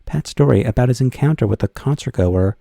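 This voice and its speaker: A man's voice: medium pitch, expressive, brisk, creaky, warm tone, dry recording, clean studio sound. A man narrating a countdown of favorite podcast moments with enthusiastic fan commentary.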